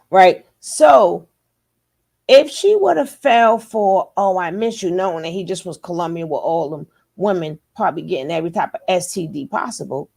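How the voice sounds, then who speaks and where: Slow, gravelly woman doing reaction commentary. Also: lowish voice, animated, a little mellow. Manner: emphatic, conversational. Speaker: reaction channel host.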